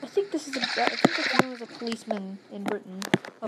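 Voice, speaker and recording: Woman, playful game commentator, fairly high voice, slow, loud noise bed. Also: lively intonation. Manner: playful, giggly, silly. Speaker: gaming video creator.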